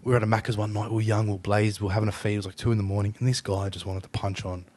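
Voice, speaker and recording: An Australian man hosting a podcast, chatting casually and telling animated stories, swearing freely. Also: fairly low pitch, racing. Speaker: podcast host. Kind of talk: casual chat.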